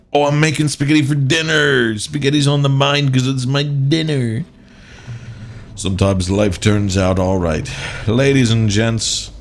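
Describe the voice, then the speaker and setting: A man streaming live, joking sarcastically with his chat and the game characters as he plays. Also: medium pitch. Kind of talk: live gaming commentary.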